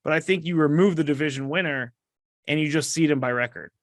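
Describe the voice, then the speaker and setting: A man's voice: on the high side, quick pace, no echo, studio quality. A man co-hosting a podcast, chatting casually about football and explaining his points at length. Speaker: podcast co-host leading the segment. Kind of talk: casual sports chat.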